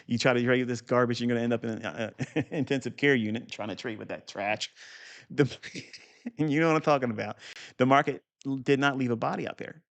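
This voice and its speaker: A gravelly man talks through a chart lesson, blunt and profane, bragging as he goes. His voice sits at an ordinary middle pitch. He speaks off the cuff into a desk mic. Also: steady tone, brisk, fairly bright tone. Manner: blunt, profane, boastful, asides. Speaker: trading educator. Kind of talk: unscripted chart walkthrough.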